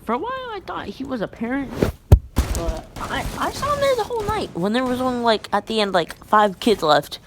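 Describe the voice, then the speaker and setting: A woman's voice: on the high side, huge pitch swings, brisk, background noise. A woman telling a casual storytime vlog, rambling with lots of fillers and slang.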